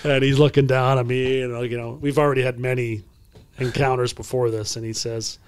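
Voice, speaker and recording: A man in his fifties, a podcast guest and former hockey player, telling stories in a casual, animated way and acting out the people in them. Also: mid-range voice, brisk, smooth, dry recording. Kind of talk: casual storytelling.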